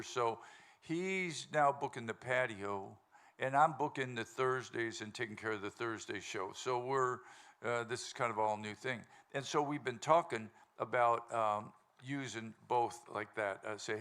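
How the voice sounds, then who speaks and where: A man with a medium-pitched, bright, forceful voice hosts a live music show and sings in the band. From the stage he chats and jokes loosely with a laughing crowd, rambling and laughing often in casual banter.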